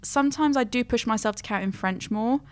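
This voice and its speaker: Relaxed woman from Switzerland chatting. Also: on the high side, a little fast. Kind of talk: casual chat.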